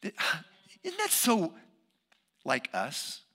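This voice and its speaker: Male preacher, sermon, slow deliberate pace, bright tone, emphatic. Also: high voice, wildly swooping pitch. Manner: emphatic, swings from loud bursts to hushed asides.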